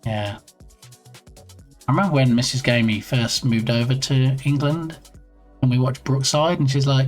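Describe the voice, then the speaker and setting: A man's voice: mid-range voice, moderate pace, pauses often, soft background music. A man chatting casually on his game development live stream, playful and reading viewer messages aloud.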